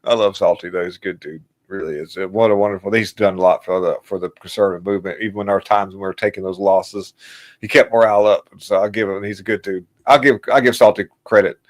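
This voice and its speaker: A man's voice: low-pitched, fairly even intonation, fast. A man hosting a casual political livestream, rambling and mocking in a crude way and laughing at his own jokes. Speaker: livestream host.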